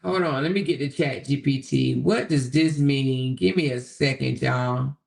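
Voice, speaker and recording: A woman hosting a casual livestream commentary, animated and exclamatory, talking straight to her viewers and reading their comments aloud. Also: a bass voice, a little slow, creaky.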